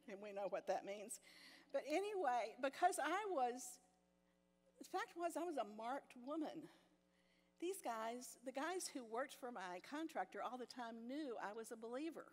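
An older woman teaching a women's Bible study, telling a personal story with self-deprecating humor and frequent laughs. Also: fairly high pitch. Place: church meeting hall. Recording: long hall reverb in a church.

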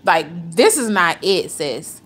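A woman's voice: on the low side, very animated, slow pace, a bit bright. A woman giving casual reaction commentary, blunt and profane, laughing often as she gossips. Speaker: reaction vlogger.

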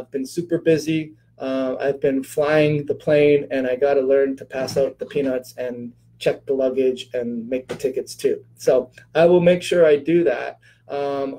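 Mellow-voiced man hosting a live Q&A. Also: mid-range voice, poor audio. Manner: chatty, many fillers, greets viewers by name. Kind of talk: casual live-stream Q&A.

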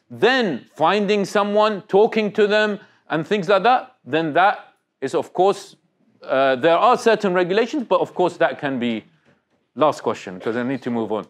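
A man giving an interactive religious talk to young people, speaking conversationally, questioning the audience and restarting his sentences. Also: sits high. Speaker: Islamic speaker.

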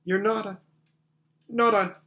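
A man's voice: high voice, very animated, moderate pace, a little mellow, voice pushed up. A man voicing a cautious older girl in a storybook reading, speaking in a hesitant, shaky way. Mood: worried. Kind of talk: audiobook character voice.

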